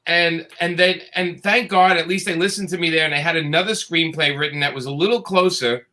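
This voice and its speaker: Bright-voiced man telling animated stories. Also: on the high side, brisk. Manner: animated, acts out quoted dialogue. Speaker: guest comics creator. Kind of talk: casual storytelling.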